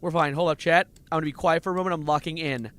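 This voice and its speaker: A man's voice: on the high side, fairly even intonation, rapid-fire, a bit bright. A man streaming a game live, nervously muttering coordinates, reading chat and breaking into sudden exclamations. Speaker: livestreamer playing a game.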